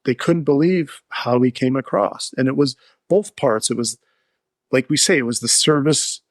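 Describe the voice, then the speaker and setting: A man's voice: medium pitch, normal speed, no echo. A man being interviewed, telling a client's recovery story in an earnest, heartfelt, rambling way. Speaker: addiction therapist, guest.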